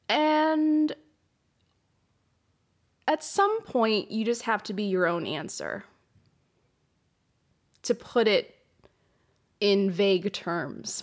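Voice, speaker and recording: A woman hosting a solo podcast, talking frankly and emotionally, swearing freely and getting worked up. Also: medium pitch. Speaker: podcast host. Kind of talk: candid solo podcast monologue. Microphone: podcast microphone.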